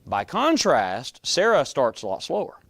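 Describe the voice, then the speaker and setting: A man's voice: medium pitch, wildly swooping pitch, unhurried, vocal fry, fairly bright tone, dry recording. A man teaching a Bible class in a conversational way, often quizzing his students.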